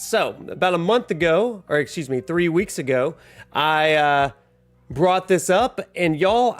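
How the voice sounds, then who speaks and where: A man hosting a casual livestream, chatty and upbeat, laughing often. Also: a little high. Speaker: livestream host. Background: soft lo-fi music.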